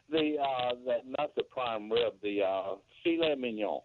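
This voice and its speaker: A man's voice: medium pitch, lively intonation, slow pace, noisy background. An older man calling into a radio show, rambling and hunting for words as he chats. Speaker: radio caller. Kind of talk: call-in chat. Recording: tinny phone line.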